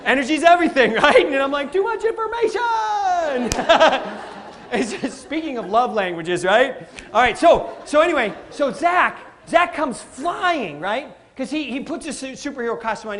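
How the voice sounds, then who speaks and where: A man giving a live motivational talk, animated, calling the audience folks and acting out what people say. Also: very high-pitched. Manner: animated, addresses crowd as folks, acts out quotes. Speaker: motivational speaker.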